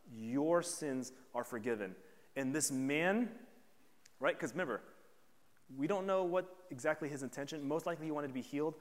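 A man's voice: medium pitch, big-room sound. A man preaching a sermon in a conversational way, often checking in with "right?" and acting out voices from the story.

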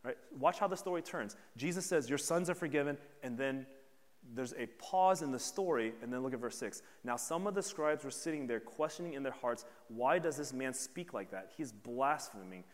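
A man's voice: mid-range voice, lively intonation, moderate pace, big-room sound. A man preaching a sermon in a conversational way, often checking in with "right?" and acting out voices from the story.

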